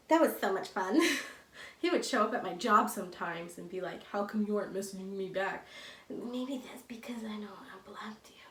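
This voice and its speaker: Chatty young woman, roomy and distant. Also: medium pitch. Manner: rambling, chatty, many fillers and restarts. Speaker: vlogger. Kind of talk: casual storytime. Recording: roomy echo, a bit far from the mic.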